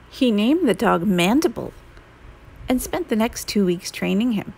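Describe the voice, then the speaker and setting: A woman reading a children's picture book aloud in a slow, gentle storytelling manner. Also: mid-range voice, very animated, creaky, a little hiss or hum, low-quality recording.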